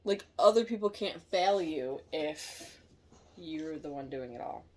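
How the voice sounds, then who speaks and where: A woman giving a casual tarot reading, chatty and thinking aloud, quick to laugh. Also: deep voice, lively intonation, darkish tone. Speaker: tarot reader.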